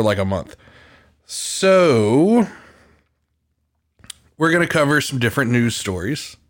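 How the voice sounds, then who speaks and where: A man hosting a podcast in casual chat, rambling and breaking off his own sentences. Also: fairly low pitch. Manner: rambling, self-interrupting. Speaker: podcast host.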